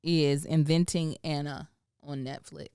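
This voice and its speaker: A woman hosting a casual podcast chat, expressive, laughing often and drawing out words for emphasis. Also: sits low, unhurried, smooth, no room sound, clean studio sound. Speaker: podcast host.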